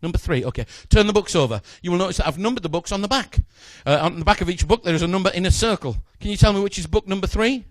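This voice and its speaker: A man's voice: high voice, very fast, few pauses, dry recording. A man performing a magic routine, chatting jokily with a volunteer from the audience on stage. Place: stage in front of a live audience.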